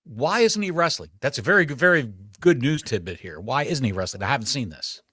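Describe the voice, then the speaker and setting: A man's voice: medium pitch, brisk, husky, no echo. Guy co-hosting a wrestling podcast, joking a lot, voice bounces around, dry mic. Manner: excitable, joking banter. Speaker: podcast co-host. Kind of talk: casual chat.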